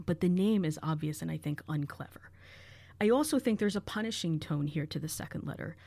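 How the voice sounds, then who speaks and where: A woman's voice: sits low, animated, fairly quick, vocal fry, mellow, dry recording. A woman co-hosting a true crime podcast, carefully analyzing and reading out quoted letters. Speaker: podcast co-host.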